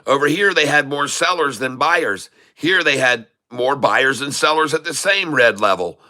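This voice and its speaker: Excitable folksy day trader, bright voice. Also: male voice, medium pitch, normal speed. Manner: excitable and folksy, repeating phrases for emphasis. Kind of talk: live trading commentary.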